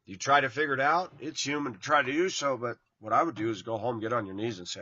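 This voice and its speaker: A man giving a blunt, informal sermon to his online viewers, tired and yawning, his voice swinging from loud to hushed. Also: mid-range voice, fast talker, hardly any pauses, no echo, muffled recording. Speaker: online preacher.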